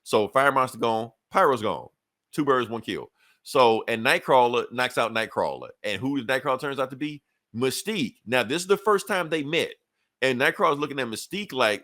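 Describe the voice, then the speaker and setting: A man co-hosting a podcast who casually recaps a comic story, swearing often and slipping into quick voices for the characters. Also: mid-range voice, lively intonation, sharp tone. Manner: profane, laughing retelling with quick character asides. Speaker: podcast co-host.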